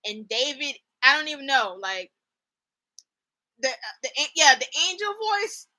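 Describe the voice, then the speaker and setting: A young woman chatting through a TV show in a casual vlog, with a high voice and a very bright, sharp tone. She's animated and slangy, laughs a lot, and keeps breaking into mock accents. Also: a little slow. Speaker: host.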